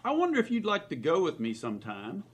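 An actor playing a kindly, earnest small-town reverend who speaks calmly. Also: male voice, a little high, breathy edge, heavily acted. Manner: calm, earnest, slow. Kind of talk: drama scene.

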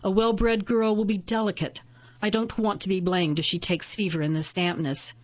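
A woman's voice: mid-range voice, fairly even intonation, moderate pace, dry recording, highs cut off, close to an everyday voice. Woman reading as Yim, a proud scornful witch. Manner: cold, cutting retorts.

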